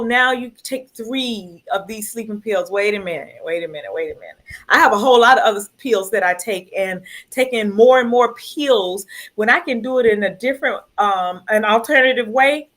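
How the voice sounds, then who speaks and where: A woman with a fairly high voice hosts an online talk show. She talks in a lively, teasing way and leans hard on her words, repeating phrases for emphasis. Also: moderate pace, poor audio.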